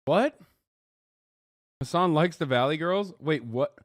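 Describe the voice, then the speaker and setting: A man's voice: on the high side, expressive, takes it slowly, dry recording. A man streaming live, reacting to a dating video with incredulous, sarcastic remarks and casual swearing.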